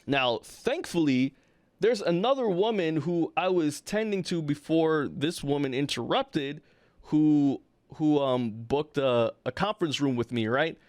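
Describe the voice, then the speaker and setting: A man's voice: on the high side, expressive, a little slow, darkish tone, no echo. A man co-hosting a podcast, telling an anecdote in casual chat and acting out the people in it. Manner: acts out the people in his stories. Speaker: podcast co-host.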